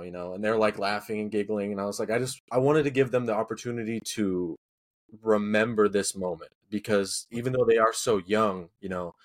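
A man speaks in an unhurried, heartfelt podcast chat. His voice is a little low and he circles around his point, leaning on fillers as he goes. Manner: rambling and earnest, many fillers like "you know". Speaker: podcast co-host. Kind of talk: casual chat.

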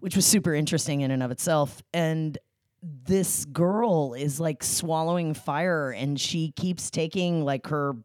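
A woman guest on a podcast, casually telling a story in an animated way and laughing often as she talks. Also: low voice, measured pace, no room sound, studio quality.

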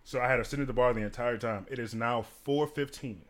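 A man and bartender telling stories in a casual chat, animated and profane, acting out what others said. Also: mid-range voice, fast talker. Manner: animated, profane, acts out quotes with big swings. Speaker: podcast co-host and bartender.

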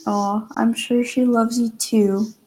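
A teenage girl in a relaxed podcast chat, quick to laugh and to say sorry. Her voice sits a bit higher than most girls', and her talk is friendly and chatty. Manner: apologetic, laughs easily, warm reactions. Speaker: podcast co-host. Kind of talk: casual chat.

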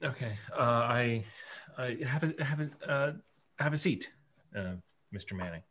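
A man's voice: medium pitch, animated, unhurried, a bit bright, slight background noise. A man playing his character in a tabletop horror game, flustered and apologetic. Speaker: player.

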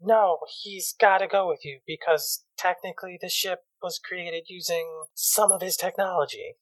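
Swearing, laughing game master. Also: male voice, high-pitched, fairly even intonation, normal speed, dry recording. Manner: laughing, loose, swearing a lot. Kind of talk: narrating a tabletop game.

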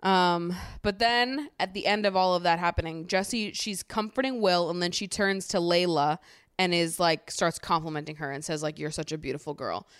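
Smooth-voiced woman ranting about reality TV. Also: fairly low pitch, moderate pace, no room sound, clean studio sound. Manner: animated, swears freely, exasperated ranting. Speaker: podcast host. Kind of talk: casual reality TV recap.

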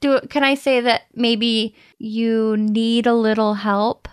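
A woman's voice: a little high, flat delivery, slow pace, clean tone, no room sound, studio quality. A woman co-hosting a casual podcast chat, running a quote quiz in a teasing, giggly way and giving playful hints.

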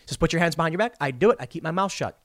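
Racing along in a slightly high, fairly bright voice with lively intonation, a political commentator delivers a blunt monologue straight to his viewers. He gives his personal take and acts out dialogue while retelling events, and the studio recording is dry and clean.

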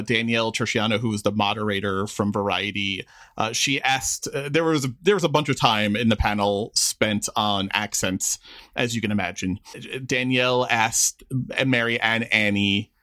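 A man co-hosting a podcast in a casual, rambling chat. His voice is bright and forward, and he fills his thoughts with restarts and fillers. The sound is dry and close. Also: on the low side, no echo. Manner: conversational, chatty with frequent fillers and restarts. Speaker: podcast co-host.

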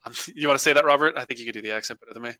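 A man's voice: mid-range voice, very fast, pushed and bright, no echo. A man co-hosting a casual podcast, reading listener emails aloud with joking asides.

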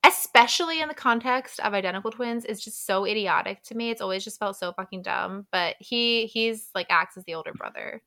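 A woman's voice: mid-range voice, a little fast, gravelly, hardly any pauses, pushed and bright. A woman co-hosting a book podcast, recapping the plot in frank casual chat and laughing often. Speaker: podcast co-host.

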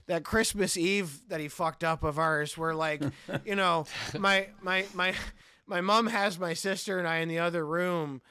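Male actor guest, rambling and profane, smooth bright voice. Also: sits high, fairly even intonation, unhurried, no room sound. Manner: rambling, swears, laughs mid-sentence. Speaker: podcast guest, actor and author. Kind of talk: casual chat.

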